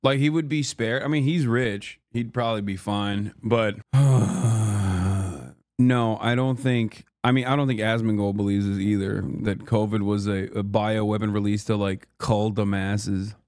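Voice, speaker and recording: A man's voice: fairly low pitch, fairly even intonation, normal speed, hardly any pauses, darkish tone, no room sound, studio quality. Emphatic, swearing male streamer. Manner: heated, emphatic, swears often; rhetorical, repeats points for stress. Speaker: streamer reacting to a video. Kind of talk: live-stream commentary.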